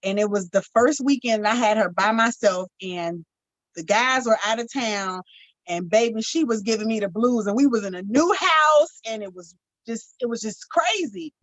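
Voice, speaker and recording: A woman's voice: fairly high pitch, moderate pace, dry recording, low-quality recording. A woman in a casual chat, telling an earnest personal story on a video call. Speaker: co-host.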